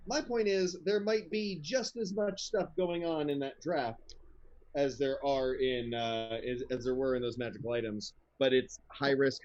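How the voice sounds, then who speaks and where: A man running a tabletop game as game master, playful and quick to laugh. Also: mid-range voice, lo-fi sound.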